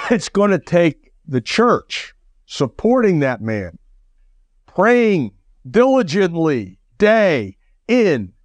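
A man preaching a radio sermon, emphatic, with rhetorical questions and the odd cough or throat clearing. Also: high voice, sing-song, drawn-out words, dry recording. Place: radio broadcast.

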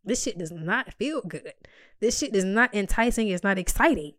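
A woman's voice: mid-range voice, expressive, normal speed, fairly bright tone, dry recording. A woman telling a personal story to her viewers in a candid, blunt and profane way, with dry, exasperated humor, acting out what she said at the time. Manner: blunt and profane, acts out her own quoted lines.

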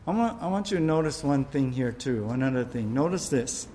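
Preacher, male, slightly high-pitched, chatty sermon delivery with playful asides. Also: moderate pace, hardly any pauses, darkish tone. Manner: conversational preaching, acts out quoted voices; repeats words, frequent "right?" asides. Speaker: pastor.

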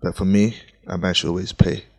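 Deep, dry-sounding man, podcast co-host, confident and laid-back. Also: flat delivery, a little fast, a little mellow, dry recording. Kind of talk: casual podcast chat.

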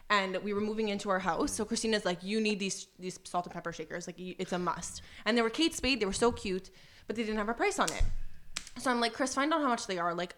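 A woman telling stories in casual podcast chat, animated and swearing freely, acting out the people she quotes. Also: medium pitch. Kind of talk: casual storytelling.

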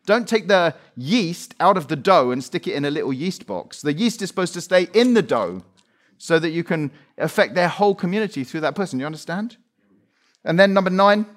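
Animated preacher man, higher voice. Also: brisk. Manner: animated storytelling, acts out quotes. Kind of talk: sermon. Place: church meeting room.

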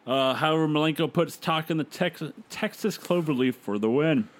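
A man's voice: fairly high pitch, fairly quick. A man casually recapping events play by play on a podcast, laughing along with his co-host.

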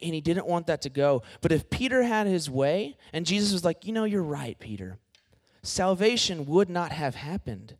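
Animated young man giving a sermon. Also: fairly high pitch. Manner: conversational and animated, addresses the group as "y'all" and "guys". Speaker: campus ministry speaker. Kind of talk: casual sermon to a student group.

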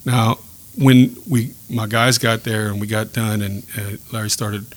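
A man sharing a personal faith story in a podcast chat, earnest and reflective, pausing and restarting as he speaks. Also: fairly low pitch, steady tone. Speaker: guest telling a faith story.

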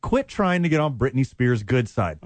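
Animated man hosting sports radio. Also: medium pitch, normal speed, no echo. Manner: blunt, sarcastic, emphatic. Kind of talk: heated sports talk debate.

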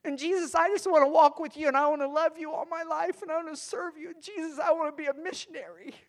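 Eager little girl praying her heart out, high sweet voice, a woman putting it on. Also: steady tone, fast talker. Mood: earnest pleading. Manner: pleading, eager. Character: earnest nine-year-old girl praying.

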